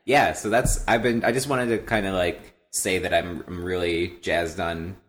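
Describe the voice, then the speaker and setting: A woman's voice: very deep voice, steady tone, normal speed. A woman co-hosting a podcast in casual chat, laughing and enthusiastic as she steers the segments. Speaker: podcast co-host.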